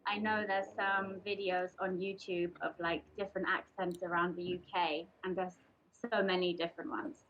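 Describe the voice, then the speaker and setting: A woman's voice: fairly low pitch, flat delivery, moderate pace, slight background noise. Chatty hesitant English woman, lo-fi. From England. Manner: chatty, hesitant, many ums and restarts. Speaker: presenter speaking to a group. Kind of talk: casual informal presentation. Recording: dull lo-fi recording.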